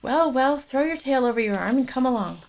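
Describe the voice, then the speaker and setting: A woman's voice: high voice, expressive, a little fast, voice pushed up. A woman reading an eager young country lad. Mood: cheerful.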